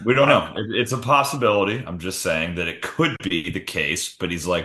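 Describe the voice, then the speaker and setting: A man's voice: low-pitched, normal speed, few pauses, sharp tone, echoey room. A man co-hosting a casual comedy sports podcast, swearing freely and spinning silly hypotheticals. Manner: jokey, profane, acts out bits in goofy voices. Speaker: podcast co-host.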